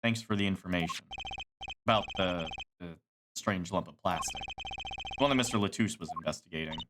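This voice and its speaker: A man's voice: sits low, fairly quick, background noise, natural voice. A man voicing an earnest, polite young male defense attorney, reading game dialogue in a slightly hesitant way.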